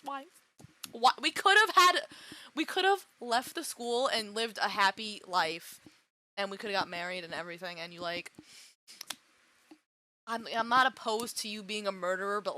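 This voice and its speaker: A woman's voice: medium pitch, bright, forceful tone. A woman streamer reacting to a game, dramatic and swearing, swinging between laughter and wailing. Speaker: VTuber streamer. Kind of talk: emotional let's-play reaction.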